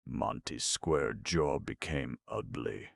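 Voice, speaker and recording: A man reading a novel aloud as an audiobook narrator, with an expressive, dramatic delivery. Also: a bass voice, takes it slowly, vocal fry, slightly rough, no room sound, studio quality. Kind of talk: scripted narration.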